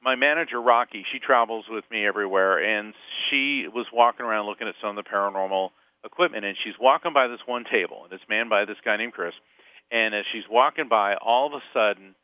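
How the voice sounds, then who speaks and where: A man from Central Florida telling a personal story as a podcast guest, lively and acting out the voices in it. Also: lowish voice, a little fast, no room sound. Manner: animated storyteller, acts out quoted voices. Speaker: psychic medium and author, podcast guest. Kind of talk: storytelling interview. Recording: phone-line sound, dry.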